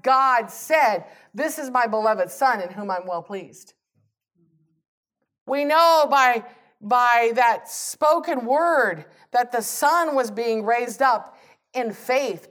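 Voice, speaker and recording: A woman's voice: on the high side, a bit bright. A woman preaching a sermon with fervent energy, reading and quoting scripture and building to emphatic peaks.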